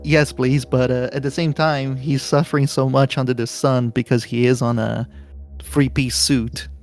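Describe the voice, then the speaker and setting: Dude playing a tabletop game, chatty and giggly, faint music behind. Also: male voice, medium pitch, little pitch movement, moderate pace, darkish tone. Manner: chatty, laughs often. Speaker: player.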